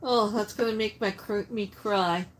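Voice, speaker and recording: A woman's voice: mid-range voice, steady tone, measured pace, a little hiss or hum. A woman hosting a casual cooking livestream, chatting and answering viewer comments as she works. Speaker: livestream host. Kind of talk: casual live-stream chat while cooking.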